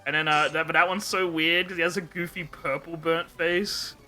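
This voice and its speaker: A man's voice: on the high side, fairly even intonation, normal speed, pushed and bright, faint music behind. A young man hosting a casual podcast, animatedly retelling scenes with jokes and swearing. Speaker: podcast host.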